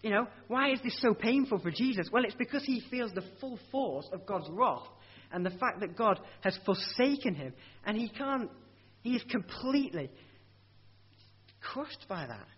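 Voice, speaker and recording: A man with a high, husky, expressive voice preaches a sermon at a moderate pace. He speaks earnestly and conversationally, poses rhetorical questions, and frequently starts his sentences over. The recording is dull and lo-fi.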